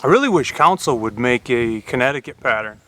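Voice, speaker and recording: A man's voice: medium pitch, lively intonation, a little fast, bright, forceful tone. A man casually talking through a new axe on his vlog, plain-spoken and chatty with a folksy manner. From Upper Michigan. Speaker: YouTube host reviewing an axe.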